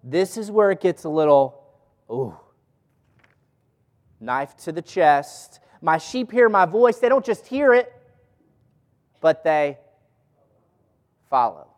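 Male pastor, high voice, unhurried questioning delivery, reverberant hall. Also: expressive. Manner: asks the audience questions. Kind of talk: interactive Bible teaching.

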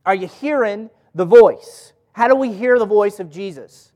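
A man's voice: sits high, unhurried, mellow, long reverb tail. A man teaching a Bible study as a pastor, often asking the audience questions.

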